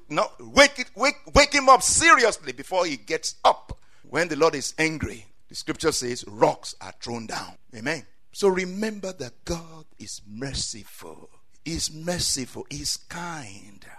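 A man preaching a sermon, swinging from quiet asides to loud cries and saying amen often. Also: a little high.

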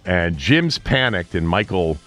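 A man hosts a casual sports talk show, making wry, joking remarks. His voice runs low but swings widely in pitch, and he sounds animated. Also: unhurried, faint music behind.

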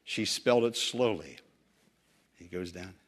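A male preacher telling a story in a sermon, earnest and emphatic, drawing out key phrases slowly. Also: deep voice, animated.

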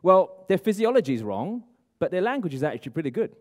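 Man, motivational speaker, energetic crowd-coaching delivery, higher voice. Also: fast talker. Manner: energetic, coaching, asks the audience questions. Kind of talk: live seminar talk to room and online audience.

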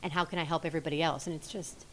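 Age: adult. Sex: woman. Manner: enthusiastic, animated, chatty podcast guest. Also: low voice, rapid-fire, slight background noise. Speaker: podcast guest and host of her own show. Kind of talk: casual chat.

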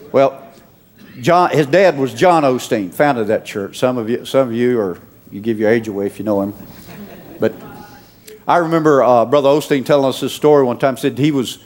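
A man preaching a sermon to a congregation, asking them questions and calling out louder as he builds. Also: medium pitch, slight background noise. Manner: preachy, calls out to the congregation with rising shouts. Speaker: pastor.

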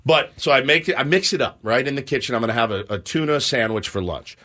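A man co-hosting a morning sports radio show, telling a self-mocking story in an animated way and acting out the scenes. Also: mid-range voice, fast talker.

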